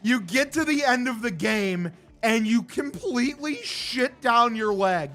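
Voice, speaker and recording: Male streamer, high and lively, sarcastic ranter with faint music under him. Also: a little slow. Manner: sarcastic, laughing, swearing, shouts in bursts. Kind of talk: live-stream reaction rant.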